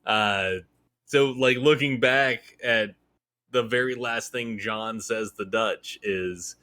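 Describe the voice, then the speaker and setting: A man co-hosting a podcast, chatting casually in an animated way and swearing freely. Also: medium pitch, takes it slowly. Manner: animated and profane. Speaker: podcast co-host. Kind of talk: casual chat.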